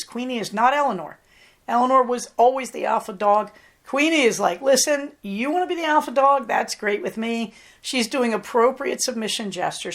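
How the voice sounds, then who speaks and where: A middle-aged woman hosting a podcast in a casual, chatty way. Her voice sits a little higher than most, and she is animated, acting out small voices when she quotes others. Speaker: podcast host and psychotherapist. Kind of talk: casual chat.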